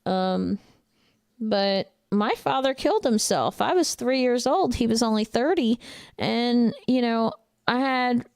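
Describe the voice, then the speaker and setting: Woman trucker, Jersey accent, gravelly, dry close mic, blunt livestream chat. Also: a little high, slow pace, a little mellow, dry recording. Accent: New Jersey. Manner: blunt, outspoken, laughs often. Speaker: truck driver and trainer. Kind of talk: casual livestream chat reading viewer comments.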